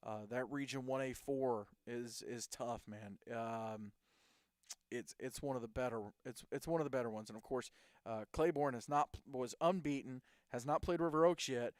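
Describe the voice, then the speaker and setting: A man's voice: mid-range voice, steady tone, normal speed, smooth, dry recording, studio quality. A man hosting a casual sports talk show, rambling through game recaps and reading off stats. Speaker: host.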